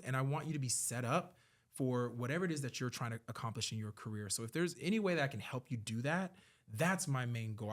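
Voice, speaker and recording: Male podcast guest, animated storyteller, earnest, acts out dialogue. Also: medium pitch. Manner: earnest and reflective when talking about his work and faith. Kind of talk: conversational storytelling.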